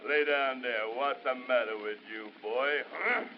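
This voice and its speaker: A man playing a rough, cocky man with a bulldog in an early novelty record sketch, talking in a gruff slangy drawl. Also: mid-range voice, measured pace, very noisy, natural voice. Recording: dull early gramophone record with band.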